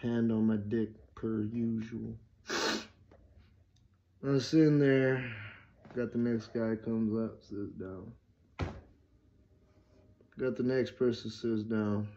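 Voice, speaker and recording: Deadpan male comic storyteller, very slow and crude, muffled lo-fi sound. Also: fairly low pitch, slight background noise. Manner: crude, deadpan, drawn-out delivery. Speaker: comedic storyteller. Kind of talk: crude comedic anecdote.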